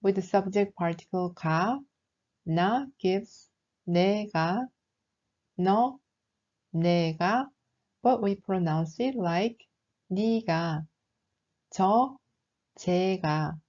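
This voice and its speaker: A woman teacher narrating a scripted language lesson, explaining slowly and carefully with example words. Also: medium pitch, darkish tone, highs cut off.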